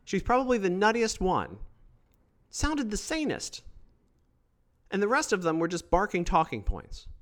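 Guy ranting about politics solo, pitch jumps all over, punchy and sure of himself. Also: brisk, few pauses. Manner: emphatic, animated, mocking quoted voices. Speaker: political commentator. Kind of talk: opinionated solo commentary.

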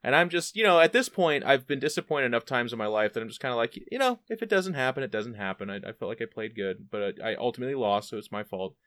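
A man speaking as a podcast guest, telling his story in an animated, profane, self-deprecating way. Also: medium pitch, fast, few pauses, no room sound. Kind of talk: casual storytelling.

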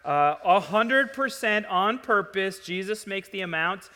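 Animated male pastor in a reverberant hall. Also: high-pitched, unhurried. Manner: animated, rising to loud emphatic peaks. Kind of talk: sermon. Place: church sanctuary.

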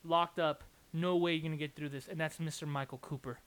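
A man's voice: fairly high pitch, fairly even intonation, fairly quick, a bit bright, smooth. A young man co-hosting a sports podcast, teasing his co-host and hyping his picks like an announcer. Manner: playful trash talk, hyped announcer bits. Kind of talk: casual sports chat.

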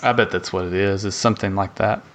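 Hesitant man, low voice. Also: steady tone, quick pace. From Tennessee. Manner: rambling, hesitant with many fillers. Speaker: podcast co-host. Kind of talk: casual chat.

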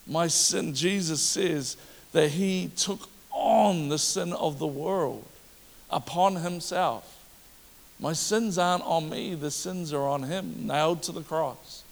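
A man's voice: on the high side, slow pace. A man preaching a sermon as pastor, talking directly to his congregation and checking whether they follow him. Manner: animated preaching with audience asides. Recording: long reverb of a large hall.

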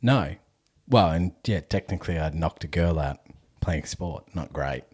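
Deep-voiced Australian man telling stories. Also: lively intonation, measured pace, darkish tone, breathy edge. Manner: swears freely, laughs through his story. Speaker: podcast host. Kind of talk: casual storytelling chat.

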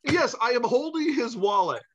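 Man, podcast guest, storytelling, lively swooping voice, stammering restarts, muffled audio. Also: very high voice, normal speed, background noise. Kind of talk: storytelling anecdote.

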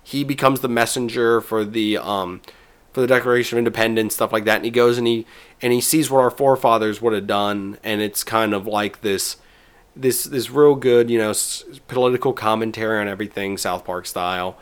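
A man's voice: lowish voice, steady tone, a little fast, clean tone. A man in casual chat, rambling through an episode recap with restarts and quoted bits.

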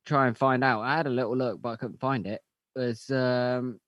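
A man's voice: mid-range voice, steady tone, normal speed, a bit bright, no echo, muffled recording. Man chatting with fillers. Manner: rambling, hesitant with fillers. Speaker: podcast co-host. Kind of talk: casual chat.

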